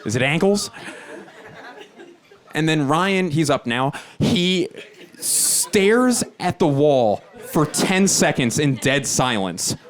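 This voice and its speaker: A man in his thirties doing stand-up storytelling on a theater stage, animated and jumping into high squeaky voices. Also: slow. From Philadelphia, USA. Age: 30s. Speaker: stand-up comedian. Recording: loud audience laughter behind.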